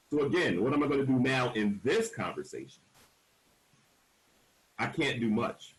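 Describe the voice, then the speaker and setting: A man in his forties shares a personal story on a discussion panel, speaking frankly and with emphasis. His voice is medium-pitched and sing-song at a normal speed, with long pauses, and he acts out the voices of people he quotes. The recording quality is low.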